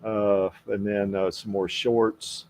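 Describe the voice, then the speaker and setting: A man's voice: fairly low pitch, flat delivery, slow pace, darkish tone. A man hosting a casual livestream podcast, rambling with lots of fillers and frequent laughs. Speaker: podcast host.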